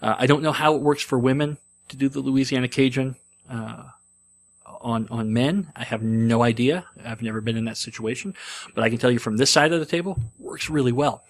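A young man rambles through a casual monologue, wry and self-mocking, with plenty of ums and false starts. His voice sits at an ordinary middle pitch for a man. He is talking alone and keeps circling back on his own thoughts. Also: a little fast. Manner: self-deprecating, wry, rambling with many fillers. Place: in a car.

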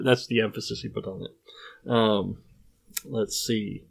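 A man's voice: fairly low pitch, steady tone, takes it slowly, vocal fry. A man hosting a podcast, reading listener answers aloud in playful, joking banter. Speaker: podcast host.

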